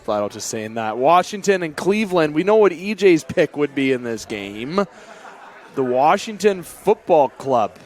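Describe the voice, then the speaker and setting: A man hosting a casual sports talk show from a bar and grill, briskly calling on his co-hosts for their picks. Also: fairly high pitch, very animated, a faint crowd.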